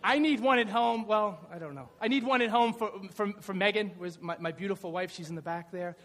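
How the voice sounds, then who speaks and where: High-voiced animated male preacher. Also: fairly quick. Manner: animated, shouting at peaks, playful asides. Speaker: pastor. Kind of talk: sermon. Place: church. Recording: reverberant church hall.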